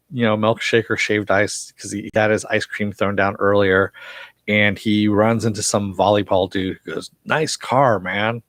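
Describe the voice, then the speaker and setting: Guy rambling thru a tv recap live, lowish voice, dry close sound, lots of uhs. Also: no room sound. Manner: rambling with frequent fillers and chuckles. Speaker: TV show reviewer.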